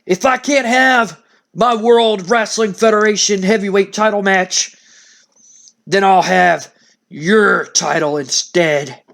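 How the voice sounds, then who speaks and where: A man voicing a menacing male heavyweight wrestler with slow, threatening delivery. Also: high-pitched, creaky, a bit bright, exaggerated voice.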